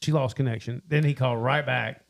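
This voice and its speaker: A man's voice: medium pitch, a little fast, gravelly. A man, a bail bondsman co-hosting a podcast, telling stories in casual chat and acting out phone calls. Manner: animated retelling, acts out phone calls.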